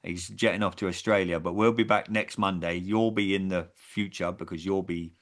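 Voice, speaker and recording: A man's voice: low voice, steady tone, normal speed, fairly bright tone. A man hosting a casual podcast, chatty and rambling, with casual swearing. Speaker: podcast host.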